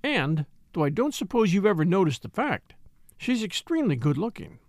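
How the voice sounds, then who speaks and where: A man reading an audiobook, voicing an excitable, chatty middle-aged wife with a gushing manner. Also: high voice, normal speed, dry recording, clean studio sound. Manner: gushing, exclamatory.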